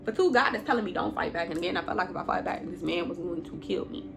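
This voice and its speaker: A woman's voice: on the low side, animated, fast talker, gravelly. Blunt, profane woman telling a story. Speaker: YouTuber telling a personal story. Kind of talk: storytime vlog.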